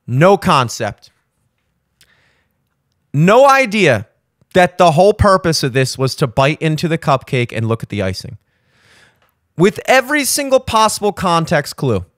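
A young man hosting a solo podcast, telling a rambling, animated story with voiced asides. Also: fairly high pitch, normal speed, no echo, clean studio sound. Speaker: podcast host. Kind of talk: solo casual chat. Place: home studio.

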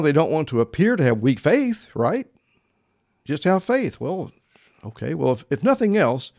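A male pastor giving a sermon in a conversational storytelling manner, often asking his listeners questions. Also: on the high side. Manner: conversational, asks the audience questions.

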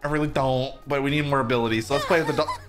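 A young man hosting a gaming video with friends, bursting into mock-panicked shrieks and then dropping to a low, gleeful mutter. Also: fairly even intonation, very fast, over music. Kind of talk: playing a game with friends, comic commentary.

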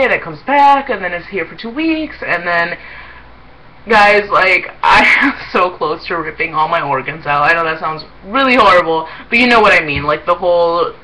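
Bright, giggly young woman vlogging. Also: fairly low pitch, expressive, normal speed, a little hiss or hum, rough recording. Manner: chatty and rambling, with frequent giggles. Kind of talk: casual chat to camera.

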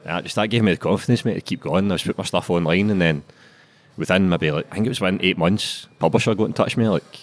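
Man, 20s, Glaswegian accent, deep, fast, casual, laughs often. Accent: Glaswegian Scottish. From Scotland. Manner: laid-back, sweary, laughs a lot. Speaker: author guest. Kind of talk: casual interview chat.

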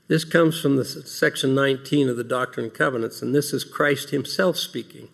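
Gravelly-voiced man giving a devotional talk. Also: mid-range voice, fairly even intonation, moderate pace, few pauses. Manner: earnest, asks rhetorical questions; reads scripture passages aloud. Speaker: speaker giving opening remarks. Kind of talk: devotional talk to a large audience.

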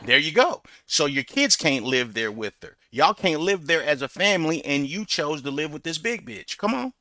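A man's voice: fairly high pitch, very animated, moderate pace, sharp tone, no room sound, clean studio sound. A man giving blunt, mocking, profane commentary on bodycam footage, closing points with a catchphrase.

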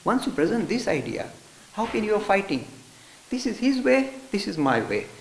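A man giving a lively storytelling lecture to an audience and acting out the characters in his stories. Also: high-pitched, normal speed, creaky. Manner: animated, acts out characters. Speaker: religious studies lecturer. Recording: roomy hall with faint hiss.

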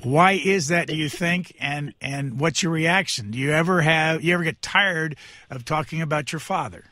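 A male interviewer with a bright, forward voice pitched a little high, recorded close and dry. He asks his questions in a measured, polite way. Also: no room sound. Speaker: podcast interviewer, host.

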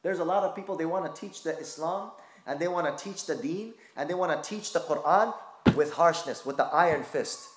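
A man's voice: fairly high pitch, brisk, noisy background. Male preacher, impassioned storyteller; echoey lecture room. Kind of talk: sermon.

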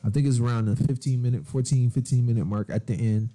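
A man's voice: mid-range voice, steady tone, fast, mellow. A man co-hosting a game playthrough, cracking mock-serious jokes and teasing his partner in casual banter. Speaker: let's play co-host.

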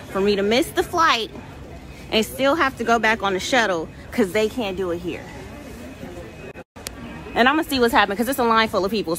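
A woman vlogging on her phone while travelling, venting to her viewers about airport trouble and swearing freely. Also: mid-range voice. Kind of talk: casual vlog to camera. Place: airport terminal and shuttle.

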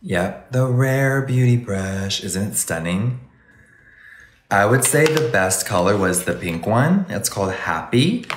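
A man's voice: fairly low pitch, lively intonation, takes it slowly, echoey room. A man doing a casual live makeup review, gushing and exclamatory and calling viewers baby and honey. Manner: gushing, exclamatory, campy endearments. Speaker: makeup livestreamer.

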